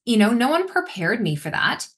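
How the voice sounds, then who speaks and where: A woman in her forties, a nutritionist guest on a casual podcast interview, talking with energy and acting out what clients say. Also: on the high side. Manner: energetic, quick, acts out quotes of clients.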